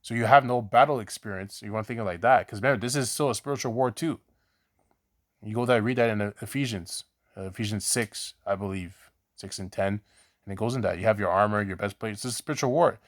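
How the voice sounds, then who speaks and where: In a clean studio recording with no echo, a preacher with a lowish voice speaks fast while giving an informal scripture teaching. He talks conversationally, keeps asking "right?" and restarting or repeating himself, and is blunt, even swearing in his examples.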